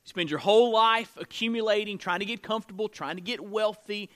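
A middle-aged man pastor preaching a sermon, emphatic and swinging between loud declarations and hushed low lines. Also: fairly quick.

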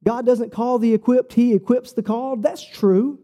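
A man preaching a sermon, telling his own story earnestly and personally. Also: normal speed. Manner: earnest, personal storytelling with lively shifts in pitch.

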